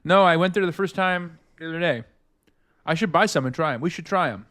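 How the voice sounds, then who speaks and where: A man's voice: on the high side, a little fast, a bit bright. A man co-hosting a podcast, chatting casually in a rambling way and laughing often. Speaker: podcast co-host. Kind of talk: casual chat.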